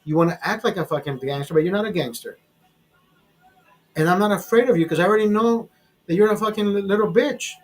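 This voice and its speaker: A man hosting his own vlog, telling a story in a casual, profane and animated way, often repeating words when excited. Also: sits high, fast talker. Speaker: vlog host.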